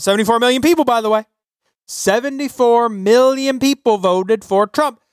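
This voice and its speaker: A man hosting a podcast, ranting about politics with heavy swearing in an animated, emphatic way. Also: high voice, dry recording, studio quality. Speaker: podcast host. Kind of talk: profane political rant. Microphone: podcast microphone.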